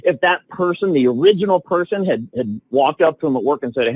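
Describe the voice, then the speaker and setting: A man coaching salespeople on a training call, telling stories with excitement and lively swings in his voice. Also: fairly high pitch, brisk, hardly any pauses, dry recording, rough recording. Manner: enthusiastic, animated storytelling with big swings.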